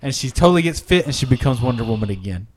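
A man's voice: medium pitch, lively intonation, racing, a little hiss or hum. A man chatting casually as a podcast co-host, rambling through silly made-up stories, often laughing at himself. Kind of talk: casual chat.

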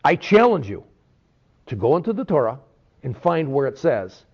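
A man teaching a Bible sermon in an animated way, often checking in with "okay?". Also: a little high, normal speed, long pauses, breathy edge. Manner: animated, peppers talk with "okay?". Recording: dull lo-fi recording.

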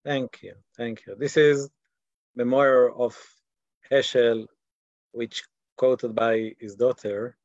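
Israeli male teacher on a video call, slow and dry, muffled lo-fi sound, often restarts sentences. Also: medium pitch, steady tone, darkish tone, dry recording. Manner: halting, repeats words while searching for English. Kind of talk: online class lecture.

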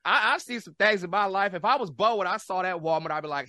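Animated American man in dry, close chat. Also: sits high, fast, no echo. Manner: animated, rambling, with many restarts and slangy outbursts. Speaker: guest football fan. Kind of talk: casual podcast chat.

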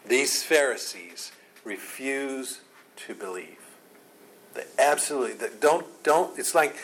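Taking it slowly in a medium-pitched voice, this man teaches a Bible chapter one verse at a time. He's conversational and animated, doing sarcastic impressions of the speakers and laughing throughout.

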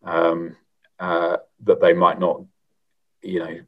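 A middle-aged man, a former member of parliament, answering interview questions in a measured, reflective way with frequent pauses and restarts. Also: sits low, monotone, lo-fi sound. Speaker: former MP, guest.

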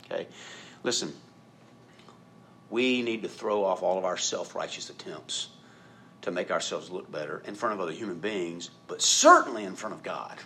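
Animated preaching man, faint rumble. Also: moderate pace. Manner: animated, acts out quoted voices, rises to loud emphatic peaks. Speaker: pastor. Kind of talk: sermon.

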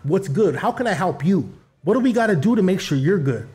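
A man, a podcast guest who chats casually, full of profanity and street slang, animated. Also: high-pitched, fast talker, slight background noise. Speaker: podcast guest, behavioral interventionist.

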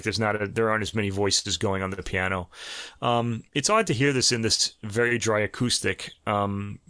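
A man's voice: mid-range voice, a bit bright, dry recording, studio quality. A man with a New York accent chatting casually through a review of a classical piano album, full of fillers and restarts, as host of a show.

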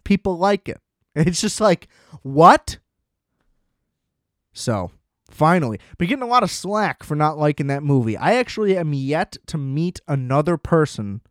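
A young man hosts a solo podcast and rants in a loose, profane, sarcastic way. His voice sits a little high for a man. The sound is dry and close, with no room echo. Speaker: podcast host. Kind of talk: casual solo rant.

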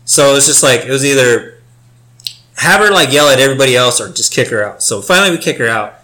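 A man's voice: medium pitch, expressive, fast, sharp tone. A young man telling a rambling, profane story in casual chat, full of filler words.

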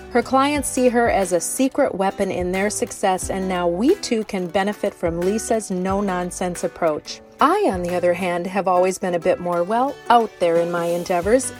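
A woman co-host reading a prepared segment in a scripted, even delivery. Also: mid-range voice. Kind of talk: scripted podcast segment read.

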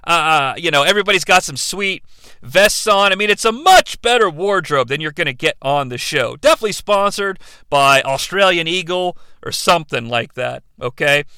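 A man's voice: on the high side, lively intonation, moderate pace, sharp tone, smooth, no echo. A man hosting a comedic movie review, sarcastic, profane and mocking. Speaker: host.

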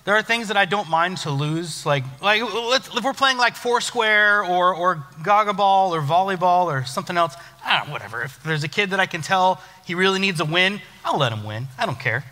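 A man's voice: sits high, normal speed, hardly any pauses. A young adult man, a youth pastor, giving a casual, joking sermon in a church hall. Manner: joking, self-deprecating, lively storytelling. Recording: long church hall reverb.

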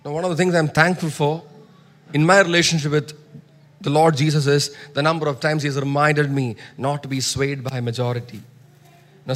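A man preaching a sermon, reading scripture loudly and dropping to soft asides. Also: a little high, steady tone, brisk, big-room sound. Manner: emphatic, swings between soft asides and loud scripture reading.

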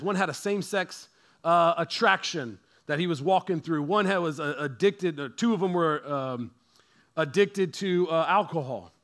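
A man preaching a sermon as pastor, talking casually and building from quiet storytelling to loud, fervent preaching. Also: high-pitched. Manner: talks in a casual, slangy way.

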